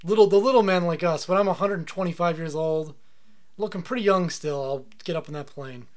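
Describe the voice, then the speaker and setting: This is a man with a high-pitched voice co-hosting a casual podcast. He rambles and speculates freely, often filling his pauses with uh's and like's. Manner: rambling, speculative, lots of fillers. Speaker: podcast co-host. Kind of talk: casual chat.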